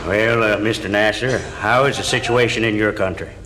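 A man plays a jovial president, deep-voiced and folksy. Heavy noise runs under the old comedy recording. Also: fairly even intonation, fairly quick, close to an everyday voice. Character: male US president, folksy Southern joker.

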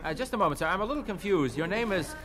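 A man's voice: high-pitched, lively intonation, rapid-fire, noisy background. A man acting as a mock interviewer, formal and polite but flustered. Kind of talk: comedy sketch.

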